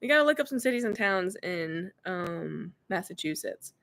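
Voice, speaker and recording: A woman's voice: lowish voice, very animated, moderate pace, gravelly, a bit bright. A woman hosting a casual livestream, giggly and chatty as she banters with her ventriloquist puppet.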